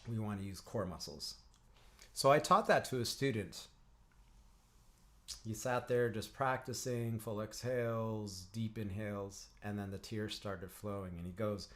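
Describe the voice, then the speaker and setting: A man who teaches didgeridoo and works as a counsellor gives a calm breathing lesson on a livestream. He speaks in an instructive way, often clears his throat and greets viewers in the chat. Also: on the low side. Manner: chats with viewers in the live chat.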